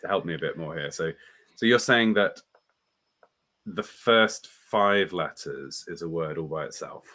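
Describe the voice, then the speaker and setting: Man, very low voice, stream host, curious, reads viewer comments. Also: unhurried, bright, forceful tone. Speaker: host of a Bible study stream. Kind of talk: casual livestream chat.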